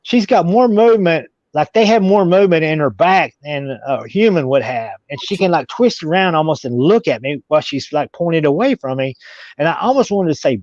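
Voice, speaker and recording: Male guest, halting storyteller, somewhat high-pitched, muffled dry recording. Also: expressive, darkish tone, no echo. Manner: halting, repeats words and restarts. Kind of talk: casual storytelling. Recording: dull, dry audio.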